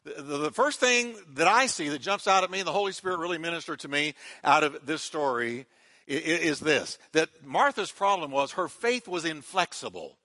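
Pastor, male, high bright voice, emphatic repetitive sermon delivery with call-and-response. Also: animated, moderate pace.

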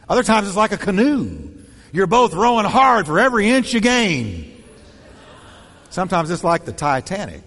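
A male pastor delivering a sermon in an animated, punchy style, hammering home short repeated phrases. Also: sits high, normal speed, big-room sound.

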